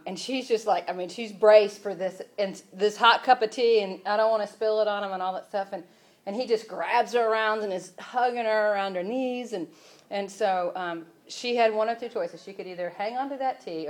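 Woman giving a casual, filler-heavy sermon. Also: fairly low pitch. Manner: conversational, many fillers, rises to emphatic passages. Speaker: church speaker. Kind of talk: informal sermon.

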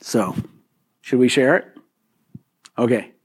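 A middle-aged male pastor preaching a sermon in a conversational, animated way, acting out quotes as he goes. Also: medium pitch, takes it slowly, husky.

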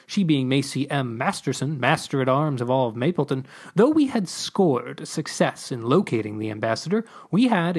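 Male co-host reading a whimsical story, lively, higher-pitched and animated. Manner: animated, exclaiming, pitch leaps on quoted lines. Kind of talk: storybook reading with character voices.

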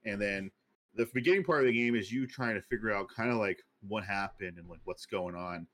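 A podcast co-host with a fairly low male voice, chatting casually. He rambles, circling back with fillers and restarts as he lays out an idea. His delivery stays loose and conversational. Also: fairly quick, a bit bright. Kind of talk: casual chat.

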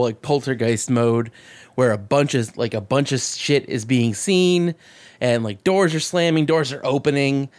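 A man co-hosting a casual chat, recapping a film with swearing, jokes and quick acted-out voices. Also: mid-range voice. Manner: profane, jokey, acts out quick voices mid-recap. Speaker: podcast co-host.

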